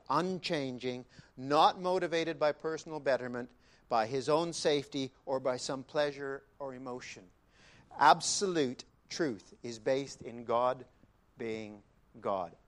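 A man preaching a sermon, emphatic, dropping to quiet repetitions and then rising loud, with chatty asides to the congregation. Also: mid-range voice. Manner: conversational asides.

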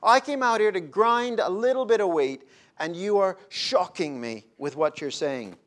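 A man's voice: high voice, lively intonation, moderate pace, fairly bright tone, pitched above the performer's own voice. A male preacher voicing an indignant, frustrated ancient farmer who bursts out in exasperation. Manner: exasperated, emphatic outbursts.

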